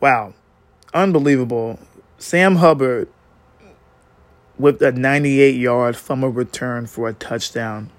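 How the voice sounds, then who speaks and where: A man giving a casual, excitable game recap as a fan vlogger, swearing freely and swinging up and down in pitch. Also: slow pace, pauses often, no echo.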